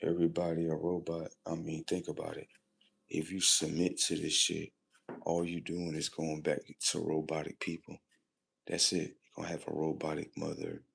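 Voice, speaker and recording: A man with a very low voice and a husky, grainy edge talks casually to his livestream. He rambles and repeats himself, swears often, and shifts between low muttering and louder, punchier bursts. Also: completely flat delivery, normal speed. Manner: rambling, repetitive and profane, drifting between muttering and loud emphasis. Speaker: livestream host.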